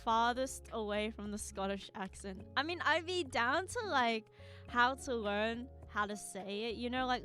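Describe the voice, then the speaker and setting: A woman's voice: fairly high pitch, a bit bright. A woman streaming live, chatting casually and rambling with her viewers, giggling often and using lots of filler words.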